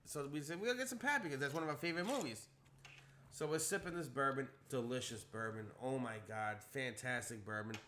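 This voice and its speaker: Young male co-host, bright tone, mid pitch; animated storyteller who acts out every quote. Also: a little fast, a little hiss or hum. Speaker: podcast co-host telling a story. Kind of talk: casual storytelling chat.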